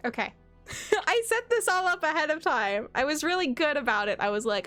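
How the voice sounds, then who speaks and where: A high-pitched young woman chatting on a gaming livestream. She giggles often and pokes fun at herself as she talks. Faint music plays underneath her voice. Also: expressive, moderate pace, a bit bright. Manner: giggly, chatty, self-deprecating. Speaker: streamer. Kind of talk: casual gaming livestream chat.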